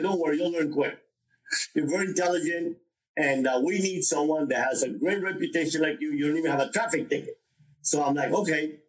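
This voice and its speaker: Animated older man telling his story. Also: on the high side, distant mic, rough recording. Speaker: interview guest. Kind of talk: storytelling in a podcast interview.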